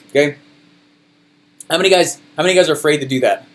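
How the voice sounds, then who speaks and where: High-energy man coaching a group. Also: quick pace, a little hiss or hum. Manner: high energy, emphatic, animated. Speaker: sales coach.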